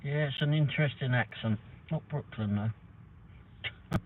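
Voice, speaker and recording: A man's voice: medium pitch, measured pace, long pauses. A man hosting a livestream, chatting in a rambling, casual way with some mild swearing. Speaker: livestream host. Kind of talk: casual chat. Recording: tinny phone-like sound from a distance, faint noise.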